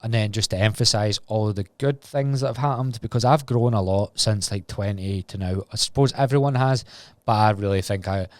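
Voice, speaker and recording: A man's voice: fairly low pitch, fairly quick, no echo. A Scottish man in his twenties talking candidly and rambling on a solo podcast, swearing freely. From Scotland. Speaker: podcast host.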